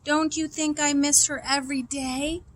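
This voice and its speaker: A woman voicing a gentle, grieving preacher father who speaks low, slow and soft. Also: little pitch movement, close to an everyday voice. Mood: sad.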